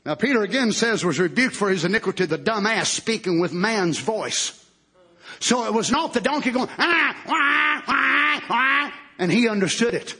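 A man preaching a fervent sermon, shouting and then dropping low. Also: expressive, fairly quick, husky. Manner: fervent shouting, swinging from loud to soft.

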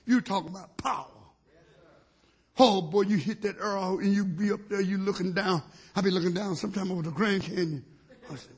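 High raspy preacher man, bright sharp voice, yelling then dropping low, hallelujah every other line. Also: brisk. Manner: swings between shouted peaks and low asides, peppered with hallelujahs. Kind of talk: fiery sermon.

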